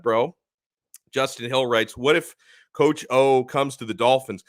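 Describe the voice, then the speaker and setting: A man's voice: mid-range voice, steady tone, a little slow, dry recording. A man hosting a live sports talk stream, speaking emphatically and reading out chat comments as he goes.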